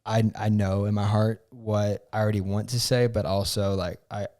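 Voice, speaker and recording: A man's voice: fairly low pitch, little pitch movement, normal speed, darkish tone. A young man co-hosting a podcast, telling a story earnestly and emotionally, with many fillers and restarts. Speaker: podcast co-host. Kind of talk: casual chat.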